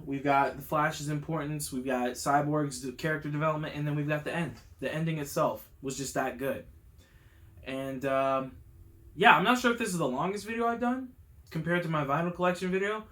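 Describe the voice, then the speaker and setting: A fairly high-voiced man talks through a film he loves in a loose, slangy vlog style. He gets carried away with enthusiasm. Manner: excitable, gets worked up. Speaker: YouTube channel host. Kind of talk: casual movie review vlog.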